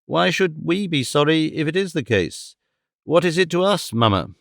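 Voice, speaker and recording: A man voicing a shy, modest young woman who speaks gently and hesitantly. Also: on the high side, animated, normal speed, creaky, no echo, clean studio sound. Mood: gentle.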